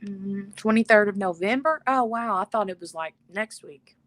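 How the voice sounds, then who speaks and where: A woman's voice: mid-range voice, normal speed, no echo. A woman hosting a casual live stream from her bedroom, chatting and reading viewer comments aloud. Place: bedroom at home.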